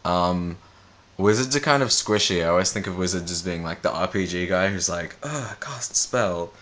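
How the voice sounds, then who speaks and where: A man's voice: low-pitched, brisk, fairly bright tone. A young Australian man casually rambling through video challenge questions with offhand, dry humor. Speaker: vlogger.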